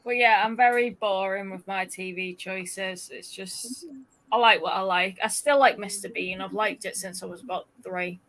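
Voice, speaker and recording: A woman in a casual chat, pausing often and searching for words. Her voice sits in an ordinary middle range. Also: medium pitch, fairly bright tone, no echo, poor audio.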